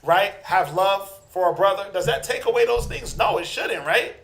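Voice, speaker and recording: A man leads a scripture class in a high, animated voice, bouncing questions to his group and slipping into the voices of the people he quotes. The room is echoey and reverberant. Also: moderate pace, faint music behind. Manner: animated, acts out quoted people, calls for responses. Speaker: Bible class teacher.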